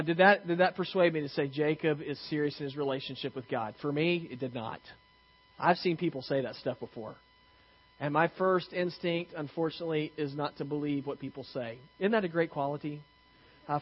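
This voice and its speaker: A man preaches to his congregation in an easy, talkative way, poking fun at himself and stumbling over restarts as he tells stories. His voice sits a little high. The recording sounds dull and lo-fi. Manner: conversational, self-deprecating storytelling with frequent restarts. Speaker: pastor. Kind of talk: sermon.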